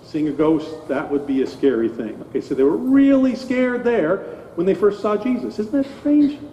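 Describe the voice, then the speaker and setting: Guy pastor doing a kids sermon in church, bouncy pitch, lots of questions, echoey hall. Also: normal speed, slight background noise. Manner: animated, asks children questions. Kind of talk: children's sermon. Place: church sanctuary. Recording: echoey hall, dull sound.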